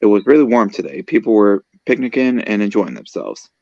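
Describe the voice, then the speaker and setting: Brief: low-voiced guy reading fan fiction aloud, casual and stumbling, dull lo-fi sound. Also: sing-song, brisk, creaky, a little mellow, no echo. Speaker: host.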